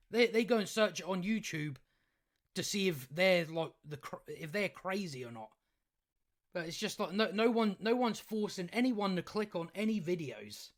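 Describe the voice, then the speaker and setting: A man's voice: high-pitched, a bit bright. A male YouTube commentator ranting sarcastically, swearing, chuckling and often restarting his sentences. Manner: halting restarts.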